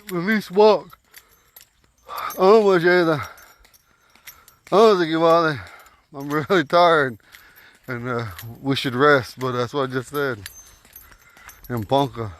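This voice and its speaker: A man giving a casual, folksy language lesson while out walking at night, talking into a phone and repeating words slowly. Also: a little high, a bit bright. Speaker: language teacher. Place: outdoors at night on a walk.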